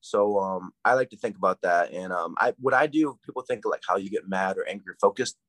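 Fast-talking young man, dry close sound. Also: deep voice, fairly bright tone, no room sound, poor audio. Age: young adult. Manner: fast, hyped, rambling with lots of "like". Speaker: college wrestler guest. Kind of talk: casual interview chat.

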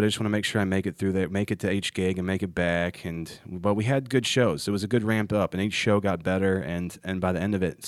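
A man's voice: on the low side, clean tone, no room sound, clean studio sound. A comedian hosting a casual podcast chat, rambling and restarting his sentences often. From Ohio, United States. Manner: rambling with frequent restarts and stammers. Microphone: studio mic.

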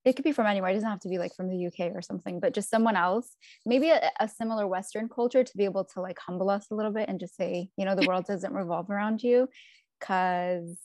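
A woman's voice: medium pitch, quick pace, darkish tone, no room sound. Brief: friendly American woman from California, video-call chat, dry close sound, filler-heavy. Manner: friendly, curious, many fillers.

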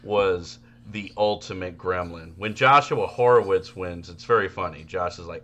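A man co-hosting a casual podcast, telling animated stories with loud, laughing outbursts. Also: sits low, moderate pace, few pauses. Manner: animated storytelling, bursts into loud laughing shouts. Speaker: podcast co-host.

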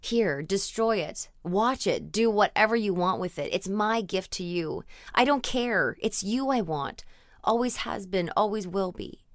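A woman's voice: medium pitch, animated, a little slow, no echo, clean studio sound. A woman narrator voicing a devoted older woman who pleads with her partner and fondly recalls their past. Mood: tender. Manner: pleading, then tender and reminiscing. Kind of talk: audiobook character reading.

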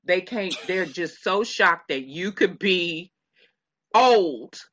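A woman's voice: lowish voice, lively intonation, takes it slowly, a bit bright, dry recording, dull audio. A woman co-hosting a casual gossip chat, rambling and laughing often with many restarts. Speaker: podcast co-host.

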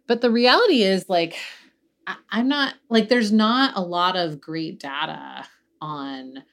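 A woman's voice: on the low side, a little slow, fairly bright tone. A woman co-hosting a casual chat podcast who talks bluntly, swears freely and trails off into restarts. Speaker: podcast co-host.

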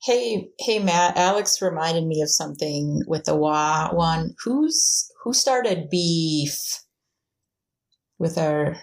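Woman on a group call, talks real slow, laid back. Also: sits low, lively intonation. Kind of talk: casual group chat.

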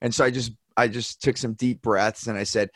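A man's voice: medium pitch, fairly even intonation, moderate pace, fairly bright tone, no room sound. Rambling storyteller man, dry sound. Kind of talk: casual conversation.

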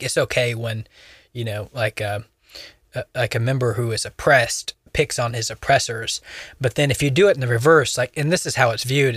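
A man's voice: medium pitch, a bit bright, no echo, clean studio sound. A young man co-hosting a podcast, talking casually in a rambling way with many fillers and restarts. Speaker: podcast co-host.

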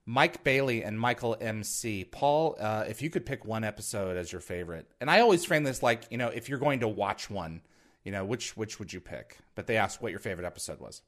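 A man's voice: on the low side, expressive, fairly quick, a bit bright. A man hosting a fan interview, reading out viewers' questions with hesitant fillers. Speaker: interview host.

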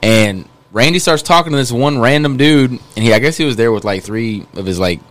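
A man hosting a podcast in casual chat. His voice sits at an ordinary pitch, and he rambles loosely through his story, with plenty of fillers along the way. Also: fairly quick. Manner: relaxed, rambling with many fillers. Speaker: podcast host.

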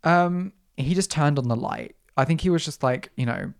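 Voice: medium pitch, moderate pace, gravelly. A podcast host, telling a travel story in a chatty, dramatic way full of slangy exclamations, recorded in an apartment. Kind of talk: casual storytelling monologue. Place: apartment indoors.

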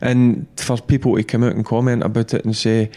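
A middle-aged man, a former player, talking football in a blunt, animated, repetitive way. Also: mid-range voice, fairly quick. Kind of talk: casual football chat.

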